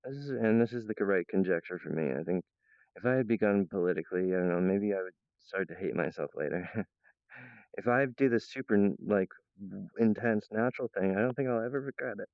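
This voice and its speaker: A man's voice: lowish voice, a little fast, clear, resonant tone, no room sound. A young man talking in a meandering monologue, laughing often and breaking off mid-sentence. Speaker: channel host. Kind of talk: rambling monologue. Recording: dull, lo-fi, dry sound.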